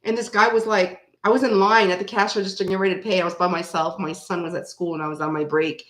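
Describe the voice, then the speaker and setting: On her card reading livestream, a woman in her forties chats casually with viewers as a tarot host, wandering through stories and laughing a lot. She speaks quickly in a lowish, steady, slightly bright voice, and the recording has a roomy echo.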